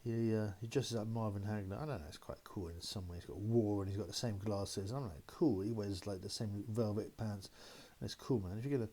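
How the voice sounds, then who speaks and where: Brief: male host, slightly low voice, loose rambling chat with laughs. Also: brisk, hardly any pauses, dark tone. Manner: rambling, laughing, mocking impressions of critics. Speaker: boxing channel host. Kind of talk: casual solo commentary.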